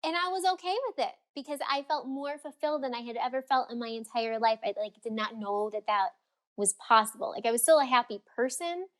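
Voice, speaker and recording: A woman speaking as a guest coach in a casual podcast interview, talking in a lively way and acting out the voices of people she quotes. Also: on the high side, fairly quick. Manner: animated, acts out quoted voices. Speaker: freedom and fulfillment coach, guest.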